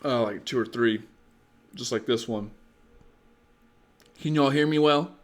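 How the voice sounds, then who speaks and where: Weariness colors the mid-range voice of this young live streamer, who speaks at a measured pace. He goes from casual viewer chat to dating advice, rambling bluntly and swearing plenty along the way.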